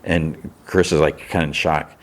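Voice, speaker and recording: A man's voice: very deep voice, steady tone, normal speed. A man hosting a podcast, casually recapping a TV episode in a rambling way with many restarts. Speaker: podcast host.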